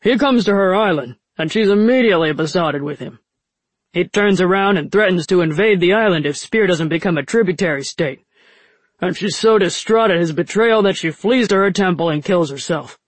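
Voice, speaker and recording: A woman's voice: on the low side, expressive, moderate pace, no echo. A woman voicing a tipsy, laid-back male soldier who slurs his words in a lazy drawl. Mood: storytelling.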